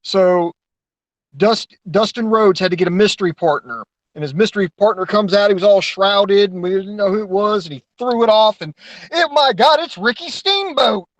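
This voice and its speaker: A high-voiced man co-hosting a casual podcast. He tells stories in a profane, animated way and acts out the big moments. The recording is dry and close. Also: normal speed, no room sound, lo-fi sound. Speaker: co-host. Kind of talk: casual podcast chat, storytelling.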